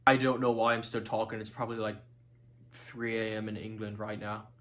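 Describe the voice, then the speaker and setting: A man's voice: lowish voice, flat delivery, a little fast, fairly bright tone, slight background noise, natural voice. A man voicing a nervous, rambling young Scottish engineer in a shaky attempt at a Scottish accent, stammering through a lovesick message. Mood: rambling, wistful. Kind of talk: acting-class impression.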